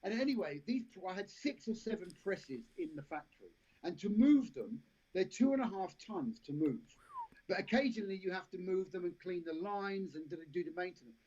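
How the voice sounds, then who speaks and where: Brief: male guest, husky, lively storyteller, dull lo-fi stream sound. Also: high-pitched, brisk. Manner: rambling anecdotes, frequent restarts, laughs at own stories. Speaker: actor and director, podcast guest. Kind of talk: casual storytelling interview. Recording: lo-fi live stream audio.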